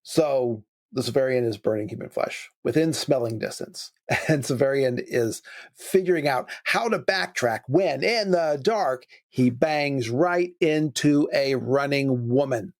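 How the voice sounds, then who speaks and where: A man's voice: mid-range voice, a little slow. Chatty man over-explaining a book. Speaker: podcast host. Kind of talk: casual book discussion.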